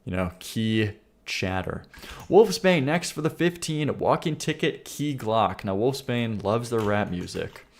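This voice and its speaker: In an expressive, unhurried, medium-pitched voice, a male streamer reacts to songs his viewers submitted. His live commentary is casual, laced with wry sarcasm, laughing asides and mumbled muttering.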